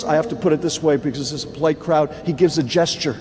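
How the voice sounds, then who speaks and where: A man in his sixties delivers a dramatic keynote in a large banquet hall, telling vivid war stories. His voice runs on the high side with a darkish tone, coming fast with hardly any pauses. The hall echoes, with faint room ambience and a little hiss or hum.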